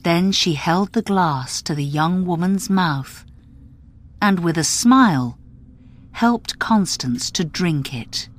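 A woman narrating a graded reader story in a clear, deliberate storytelling manner. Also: on the low side, lively intonation.

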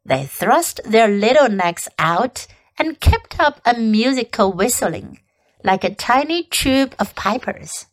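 A woman reading a classic children's story aloud in a gentle, measured way. Her voice sits high and her pace is slow and unhurried. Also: lively intonation. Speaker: English reading teacher.

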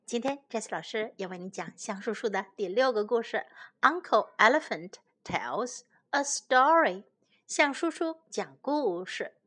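A woman who teaches English to children reads a bilingual storybook aloud, unhurried and careful. Her voice sits high and light, and her delivery is gentle and clear. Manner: slow, careful, gentle reading.

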